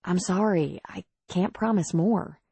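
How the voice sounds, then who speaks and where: A woman's voice: fairly low pitch, unhurried, vocal fry, mellow, slightly rough, dry recording, full character voice. A woman voicing a candid, earnest widowed midwife from the city in an audiobook.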